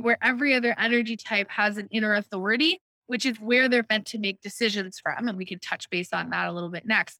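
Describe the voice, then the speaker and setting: A woman with a bright, forceful, slightly high voice explains spiritual concepts in an upbeat, conversational podcast style. The sound is dry and close, with no room around her, and she keeps checking in with the listener as she goes. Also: no room sound. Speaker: human design reader, co-host. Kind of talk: casual podcast chat, explaining.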